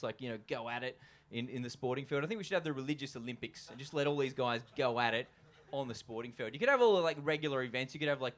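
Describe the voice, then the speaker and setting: A man's voice: medium pitch, a bit bright. A young man with an Australian accent doing a loose, chatty stand-up comedy set at a live venue, full of fillers and asides to the crowd.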